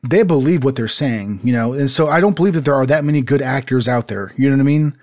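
A man's voice: medium pitch, fast talker, a little mellow. A man chatting casually as a podcast co-host. He rambles, with many fillers and restarts, and he laughs easily. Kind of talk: casual chat. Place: home, desert city.

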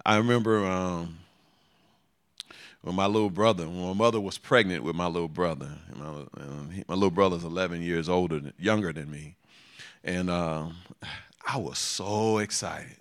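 A man's voice: low-pitched, normal speed. A man preaching a sermon, repeating phrases for emphasis and chuckling often.

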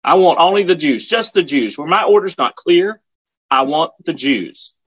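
A man's voice: a little high, animated, normal speed, husky, pitched above the performer's own voice. A man acting out an enraged Nazi camp major who screams furious, commanding orders, within a spoken story.

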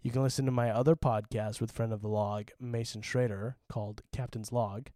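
A young man co-hosting a podcast in casual chat, animated and swearing, acting out stories in voices. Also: medium pitch, brisk, dry recording, studio quality. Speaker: podcast co-host.

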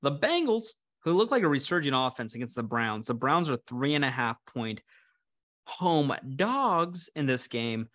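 Man, casual sports betting chat, animated, sarcastic, middle pitch. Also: a little slow. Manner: puts on a mock Cleveland accent at times. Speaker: podcast co-host making football picks.

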